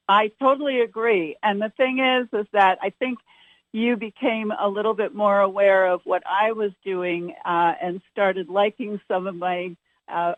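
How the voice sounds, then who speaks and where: A woman's voice: mid-range voice, no echo. Female New York guest, eager and agreeable, dry tinny phone-line audio. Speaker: guest, ballet teacher. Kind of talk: radio interview guest. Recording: dry, phone-like narrow band.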